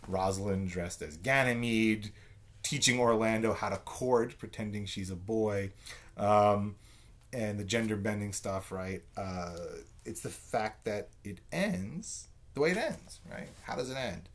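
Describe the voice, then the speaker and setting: A man's voice: lowish voice, a little slow. A man giving a conversational literature lecture, full of fillers and "right?" check-ins. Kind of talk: recorded lecture.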